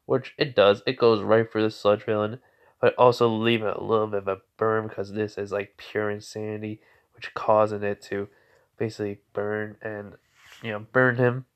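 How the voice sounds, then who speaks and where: A man's voice: on the low side, flat delivery, moderate pace, clear, resonant tone. A young man improvising a fan story, rambling with frequent fillers. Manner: rambling, full of "you know" and "as" fillers. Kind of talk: improvised fan-fiction narration.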